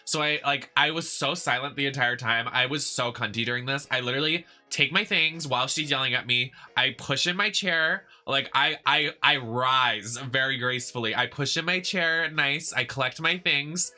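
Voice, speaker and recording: A man's voice: medium pitch, normal speed, hardly any pauses, pushed and bright, faint music behind. A young man from the United States who streams games and chats in a sassy, emphatic, ranting way. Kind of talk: casual chat while gaming.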